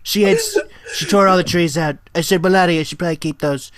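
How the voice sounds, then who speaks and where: A man's voice: sits high, sing-song, fast talker, a bit bright. A man putting on an impression of a boastful older ex-president, rambling and crude. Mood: bragging. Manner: rambling, self-praising, crude.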